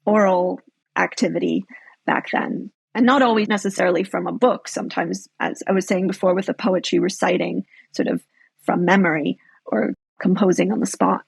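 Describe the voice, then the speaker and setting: A woman's voice: lowish voice, fairly even intonation, normal speed, gravelly, breathy edge, no room sound. A woman guest on a history podcast, explaining things thoughtfully and often saying "sort of". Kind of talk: podcast interview.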